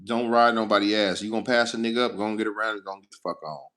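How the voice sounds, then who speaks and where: A man's voice: lowish voice, steady tone, rapid-fire, fairly bright tone. Blunt, foul-mouthed trucker man. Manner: blunt, heavily profane storytelling. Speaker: truck driver. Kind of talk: casual straight-to-camera talk.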